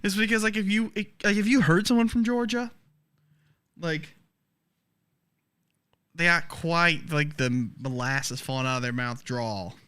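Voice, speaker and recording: Midwestern male co-host, wry and chatty, bright and crisp. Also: fairly high pitch, unhurried, long pauses. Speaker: podcast co-host. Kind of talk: casual chat.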